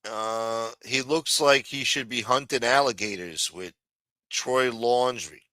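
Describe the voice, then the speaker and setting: A crude, sarcastic livestream host from New rambles through his rants. His tone is sharp and bright, and his voice sounds close and dry. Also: mid-range voice, slow pace, dry recording. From New York. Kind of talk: profane ranting livestream chat.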